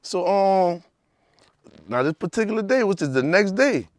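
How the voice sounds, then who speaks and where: Man, rambling storyteller, somewhat high voice, dry close sound. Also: very animated, moderate pace, no room sound. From Louisiana. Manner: rambling, repeats "you hear me". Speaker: rapper guest. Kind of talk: casual storytelling interview.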